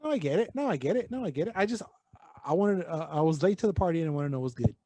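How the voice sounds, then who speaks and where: A male podcast co-host chats casually and rambles, swearing freely and dropping in bits of Spanish slang. His voice is on the high side and warm, animated and rapid-fire.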